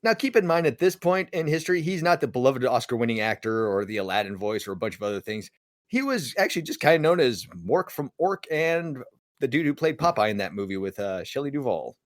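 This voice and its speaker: Studio-quality with no echo, the recording catches a podcast co-host speaking a little fast in a mid-range voice. He casually tells a story, animatedly performing the voices of those he quotes.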